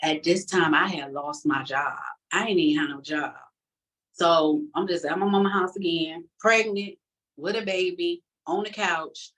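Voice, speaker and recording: A woman's voice: lowish voice, unhurried, far from the mic, rough recording. A woman telling her personal testimony in a casual, conversational way, acting out the people in her story. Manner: animated, acts out the other people in her story.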